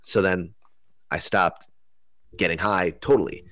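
Man, very deep voice, from New Jersey, casual rambling storytelling, swears freely, dry close sound. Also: a little slow, dry recording. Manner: rambling, animated, loose with slang and swearing.

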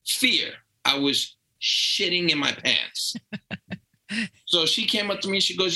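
A man's voice: fairly high pitch, measured pace, low-quality recording. A man from New York with a New York accent, a comedian guest telling a story in casual chat and acting out the people he quotes. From Brooklyn/Long Island, New York. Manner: animated, acts out quoted voices.

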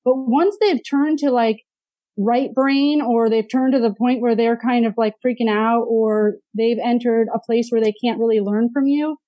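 A woman's voice: a little high, moderate pace, mellow, dry recording, highs cut off. A woman therapist in casual podcast conversation, chatty, with many filler words and brief mimicking of parents.

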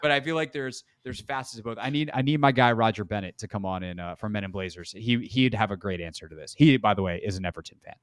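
A man's voice: on the low side, fast, hardly any pauses, clear, resonant tone, dry recording, studio quality. A man hosting a sports podcast, chatting casually and rambling with lots of "um" and "like". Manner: rambling, heavy on "um" and "like". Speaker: sports radio and podcast host.

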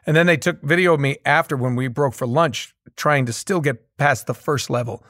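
A middle-aged man, a guest voice actor, telling animated stories in casual interview chat with many restarts. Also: fairly high pitch, moderate pace, dry recording, clean studio sound.

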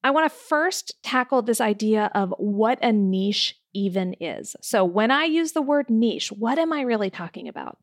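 A woman's voice: fairly high pitch, lively intonation, moderate pace, few pauses, no room sound, studio quality. A woman hosting her own coaching podcast, talking straight to the listener in an upbeat, friendly way. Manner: warm, upbeat, direct address to listener. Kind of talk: solo podcast talk.

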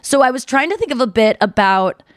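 A woman hosting a podcast in casual chat, talking fast and loose, full of "like", and slipping into singer impressions. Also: on the high side, animated, dry recording, studio quality. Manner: chatty, slips into quick singer impressions. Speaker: podcast host.

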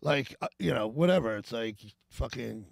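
A man's voice: mid-range voice, lively intonation, normal speed, vocal fry, no room sound, studio quality. A man rambling through crude, swear-filled podcast banter and laughing often. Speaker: podcast guest.

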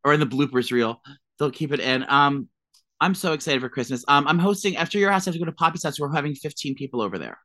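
Woman cohost, low voice, rambly and jokey, dry close mic. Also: expressive, fast, fairly bright tone, no room sound. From New Jersey. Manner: joking, rambling, lots of fillers. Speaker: podcast co-host. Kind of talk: casual chat.

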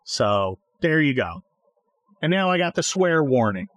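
A man's voice: on the high side, big pitch swings, measured pace, a bit bright, dry recording, poor audio. A man hosting a podcast from his car, ranting sarcastically and swearing at traffic. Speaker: podcast host. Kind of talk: casual ranting chat while driving.

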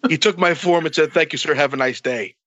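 A man telling a long story in a casual, animated way, swearing a lot and acting out both sides of the dialogue. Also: on the high side, fairly quick, lo-fi sound.

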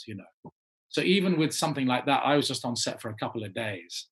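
An English actor recounts a story from his career, throwing himself into the voices of everyone he quotes. His tone is a little husky, and his delivery is animated and conversational. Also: medium pitch, fast talker. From England. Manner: animated, acts out quoted people in changing voices. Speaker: actor, guest. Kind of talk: anecdotal storytelling.

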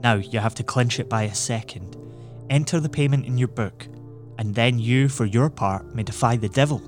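A man doing a calm, cynical schemer. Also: mid-range voice, moderate pace, faint music behind, lightly acted. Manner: calm, smooth, lecturing. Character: cool, persuasive male schemer, cynical. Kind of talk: audiobook reading.

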